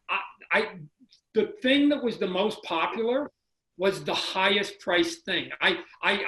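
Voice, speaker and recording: Animated man on a roomy video call. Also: high voice. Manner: animated storyteller acting out quotes and sounds. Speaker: guest, comic book creator. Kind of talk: casual podcast conversation.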